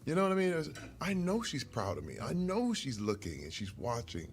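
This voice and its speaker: A man telling stories from his life in casual conversation over a meal, animated and earnest, sometimes getting emotional. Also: mid-range voice, a little fast, soft background music. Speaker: guest.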